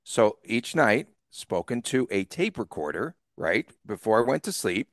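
A man from the East Coast co-hosting a sports podcast, chatting casually and telling animated stories with frequent laughs. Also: on the low side, a little slow, no room sound, studio quality. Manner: laughs often, animated storyteller. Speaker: podcast co-host.

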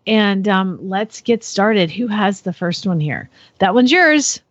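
A woman's voice: mid-range voice, animated, slow pace, no echo. Woman podcast host, casual and chatty, muffled dry sound. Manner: chatty, laughing, many fillers. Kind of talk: casual chat.

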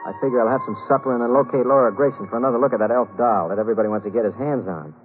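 A man's voice: medium pitch, rapid-fire, close to an everyday voice. A man playing a cocky, flippant young private detective who narrates his own story in a 1950s radio drama. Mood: wry. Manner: flip, wisecracking. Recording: muffled old 1950s radio broadcast with music.

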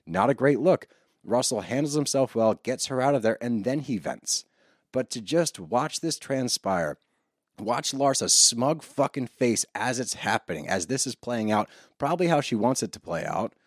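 Ranting, profane man with a lively voice. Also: mid-range voice, normal speed, no room sound, studio quality. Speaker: podcast co-host. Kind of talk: heated casual recap chat.

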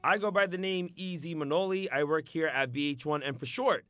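Sassy nasal man, bright voice. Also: a little high, a little fast. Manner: sassy, playful, camp. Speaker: podcast co-host. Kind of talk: casual podcast chat.

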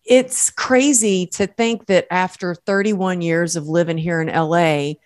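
A middle-aged woman with a Southern US accent, a guest telling her story in an effusive, warm way. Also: on the low side, steady tone, measured pace, dry recording, studio quality. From American South. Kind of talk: casual interview talk.

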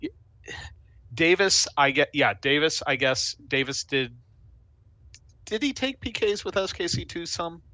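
A man chatting as a soccer podcast panelist, talking in halting restarts with dry sarcasm. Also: on the high side, animated, bright, forceful tone, dry recording. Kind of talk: casual sports chat.

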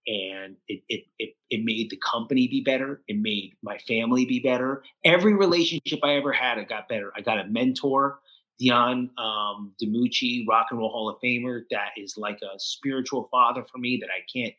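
A middle-aged man guesting on a podcast, with a bright, forceful voice. He tells his story with emotional restarts and often mimics the people he quotes. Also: mid-range voice, moderate pace, rough recording. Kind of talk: candid interview storytelling.

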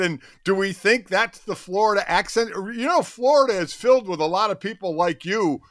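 A man's voice: high voice, moderate pace, hardly any pauses, a bit bright, dry recording. Easygoing middle-aged man, dry close sound. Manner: easygoing, self-mocking. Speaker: co-host. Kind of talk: casual sports talk.

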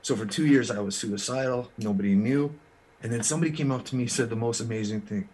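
A man from Canada, a musician guest in an interview, telling his story in an earnest, frank way with quick restarts. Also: medium pitch, darkish tone, breathy edge.

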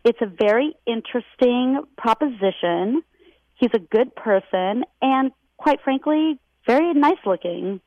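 A woman calling into a radio advice show, speaking in a measured, thoughtful and candid way. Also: fairly high pitch, animated, no room sound, muffled recording. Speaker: caller. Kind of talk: phone-in talk.

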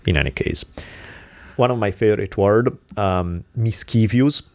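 Italian guy on a podcast, fairly low voice, rants about english words, swears a lot, dead dry mic. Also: normal speed, dry recording. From Italy. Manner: animated storytelling, acting out exasperated dialogue; swears freely. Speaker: podcast co-host. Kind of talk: casual chat.

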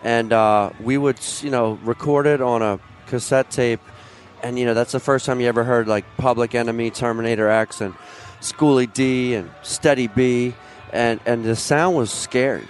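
A man's voice: medium pitch, fairly even intonation, moderate pace. Guy from philly rambling thru old stories, uh and you know everywhere, faint music behind. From Philadelphia. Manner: rambling storyteller with fillers and laughs. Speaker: musician guest. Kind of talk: casual chat.

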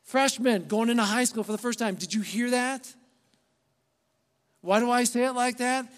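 A male pastor delivers a sermon in a high voice, talking to the congregation conversationally and pressing his points with rhetorical questions. His voice rings with the long reverb of a large hall. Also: moderate pace, pauses often.

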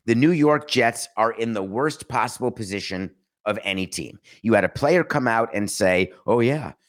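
A man's voice: fairly low pitch, moderate pace. A man hosting his own podcast, talking emphatically in a solo monologue, full of sarcasm and rhetorical questions. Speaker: podcast host.

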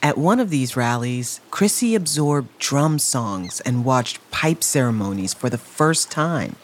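A man narrating a documentary in a measured storytelling delivery. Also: medium pitch, expressive, slight background noise. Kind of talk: scripted narration.

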